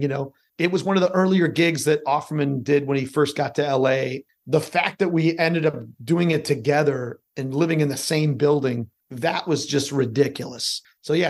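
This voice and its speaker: A middle-aged man from Chicago, an actor guest telling stories in casual podcast chat, lively and swearing freely. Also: fairly high pitch.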